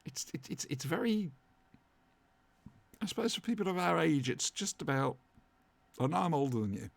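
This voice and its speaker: Co-hosting a podcast watch-along from home, a man with a slightly high, gravelly voice speaks at a moderate pace and is very animated. The room sounds dry with no echo, and his commentary is chatty and wry, full of fond asides.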